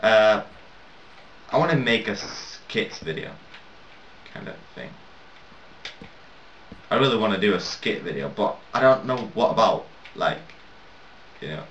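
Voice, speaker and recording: Rambling young gamer, distant roomy mic. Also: male voice, lowish voice, expressive, a little slow, long pauses, a bit bright, lo-fi sound, a little hiss or hum. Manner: rambling, self-mocking, swears a lot. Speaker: gaming video maker. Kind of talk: casual let's-play commentary.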